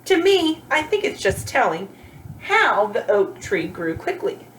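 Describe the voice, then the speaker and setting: Lady teacher doing a grammar lesson for kids, slow and sing-song, asks lots of questions. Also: on the high side, a little hiss or hum, poor audio. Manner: animated, encouraging, asks rhetorical questions.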